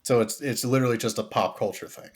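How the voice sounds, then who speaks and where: A man's voice: medium pitch, fast talker, slightly rough. A young man co-hosting a podcast, chatting casually and profanely, leaning on "like" as he tells stories. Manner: profane, animated storytelling with filler "like". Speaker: podcast co-host. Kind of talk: casual chat.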